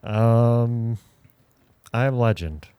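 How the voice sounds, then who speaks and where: A man's voice: medium pitch, drawn-out words, warm tone, clear, resonant tone, dry recording. A man co-hosting a podcast, chatting casually about a film with frequent laughs. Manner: rambling, laughs often, many fillers. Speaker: podcast co-host. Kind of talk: casual movie review chat.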